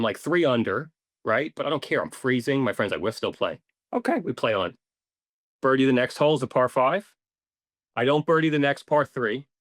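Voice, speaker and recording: A man, a podcast guest, telling stories in a casual, animated way, swearing now and then and acting out what people said. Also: medium pitch, no echo, studio quality. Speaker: podcast guest, ball marker maker. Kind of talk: casual storytelling interview.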